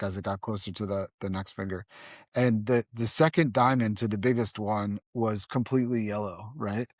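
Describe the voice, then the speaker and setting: A man's voice: medium pitch, dry recording, clean studio sound. A middle-aged man, a podcast guest, telling a story in casual conversation, acting out what others said and checking in with "right?" as he goes. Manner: animated, acts out dialogue, peppers lines with "right?".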